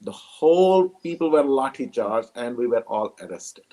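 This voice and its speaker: A man's voice: medium pitch, animated, moderate pace, warm tone, poor audio. Earnest man adding to a panel discussion. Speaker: conference panelist. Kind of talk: conference discussion. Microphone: video call.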